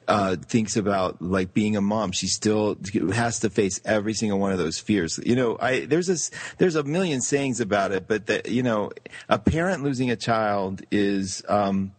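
A man hosting a radio talk show, interviewing a guest in an effusive, animated way. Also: fairly low pitch, normal speed, husky, no room sound.

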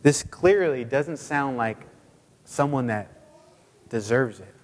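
A man preaching a sermon in a casual, chatty way with many fillers, now and then putting on high squeaky voices for quotes. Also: expressive, slow pace, big-room sound. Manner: puts on high squeaky voices when quoting people. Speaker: pastor.

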